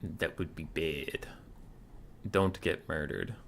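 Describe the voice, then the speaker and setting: A man's voice: rumbling low, slow, vocal fry, a little hiss or hum. A man hosting a live game stream, chatting casually, answering chat and going off on laughing, swearing rants. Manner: reads chat aloud and answers it.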